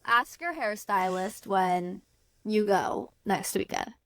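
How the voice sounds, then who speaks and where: A young woman co-hosting a casual podcast chat over a video call, relaxed and agreeable, with frequent fillers. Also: mid-range voice, takes it slowly. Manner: relaxed, agreeable, uses "like" often. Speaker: podcast co-host.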